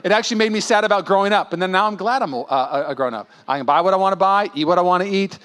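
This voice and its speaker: Pastor, male, 30s, sermon delivery, high voice, lively storytelling with voiced quotes. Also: racing, clear, resonant tone. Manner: animated, acts out voices in quotes.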